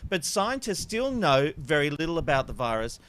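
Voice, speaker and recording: An Australian man in his thirties hosting a news panel chat, chatty and quick to laugh between items. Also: a little high, very animated, a bit bright, smooth. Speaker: host.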